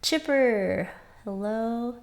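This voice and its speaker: Woman, music teacher on a webcam stream, slow easy delivery, a touch under the weather. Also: fairly high pitch. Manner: chatty, reads out viewer names one by one. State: slightly sick with a runny nose. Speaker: music teacher hosting a live lesson. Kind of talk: casual livestream greetings. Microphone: webcam mic, leaning in and backing away.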